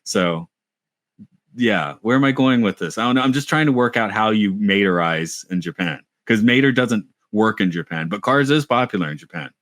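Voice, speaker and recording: Man, low voice, dry close sound, casual podcast chat, rambling, thinks aloud. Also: expressive, normal speed, a bit bright, no echo. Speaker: podcast co-host. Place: lives in Japan.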